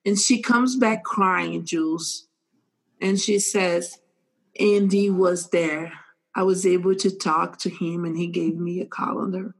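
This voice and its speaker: Woman co-host with a non-native accent who tells stories with earnest, animated energy. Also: fairly low pitch, a little slow, husky, rough recording. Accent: non-native English. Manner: animated storytelling, warm and earnest. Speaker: podcast co-host. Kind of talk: casual chat.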